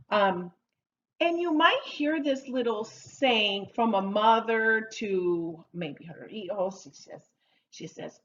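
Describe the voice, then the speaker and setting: Slow, playful woman teaching English. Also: mid-range voice, lo-fi sound. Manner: playful, drawn-out repetition of phrases. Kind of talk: slow, repetitive language lesson. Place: Oregon.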